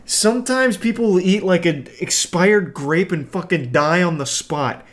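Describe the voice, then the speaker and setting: A man with a slightly high-pitched voice hosts a reaction video in loose, casual commentary. He rants with open disbelief and swears freely. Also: unhurried. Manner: incredulous, profane ranting.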